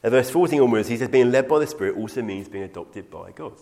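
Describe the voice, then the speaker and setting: A man's voice: mid-range voice, animated, fast talker, vocal fry, warm tone. A man teaching through a Bible passage in an earnest, emphatic way, quoting scripture and taking questions. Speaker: preacher.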